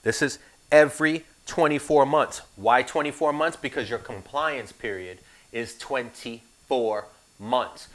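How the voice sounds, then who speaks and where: A man's voice: medium pitch, unhurried, a bit bright. Sarcastic male insurance instructor. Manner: sarcastic, joking asides. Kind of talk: recorded classroom lecture.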